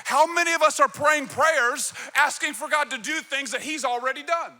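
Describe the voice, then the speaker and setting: A male pastor delivers an energetic, emphatic sermon from a church stage. His voice sits very high and sounds bright and forceful. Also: moderate pace.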